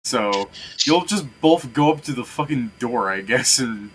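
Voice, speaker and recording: A man's voice: medium pitch, expressive, a little slow, a bit bright, a little hiss or hum. A man narrating a tabletop game as game master, loose and profane, often laughing.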